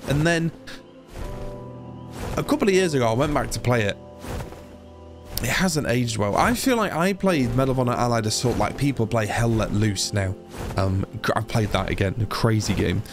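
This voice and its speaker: Man from England, lively rambling gameplay chatter, swears casually, music underneath. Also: medium pitch, moderate pace, pauses often. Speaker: gaming YouTuber.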